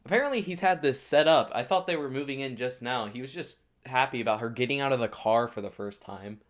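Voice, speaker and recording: A man hosting a reaction video, giving casual comedic commentary with excitable, sarcastic asides. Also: medium pitch, brisk.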